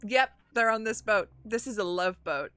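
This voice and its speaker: Woman game master, bright voice, relaxed and jokey, leaning on fillers as she narrates. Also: medium pitch, moderate pace, smooth, dry recording, faint music behind. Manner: loose and joking, many fillers. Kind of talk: running a tabletop spy game.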